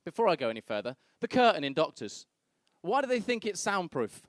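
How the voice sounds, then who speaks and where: A young man with a high voice and big pitch swings talks fairly quickly, with no echo on the recording. During his stand-up set, he brashly tells crude stories and plays the characters himself.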